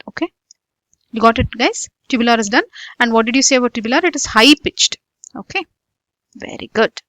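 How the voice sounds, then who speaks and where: A woman's voice: medium pitch, a bit bright, dry recording. A woman with an Indian English accent teaching a medical exam lecture, repeating key points and quizzing students with frequent "okay" and "guys". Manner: repetitive, drilling students with questions and frequent "okay". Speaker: medical tutor.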